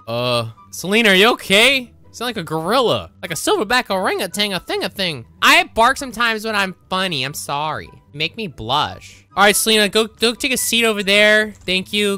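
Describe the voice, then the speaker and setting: A man's voice: high-pitched, very animated, a little fast, hardly any pauses, bright, forceful tone, faint music behind. A man doing brash, teasing commentary while role-playing as a rich character in a game. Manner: brash, joking, teasing, often laughing. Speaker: gaming YouTuber.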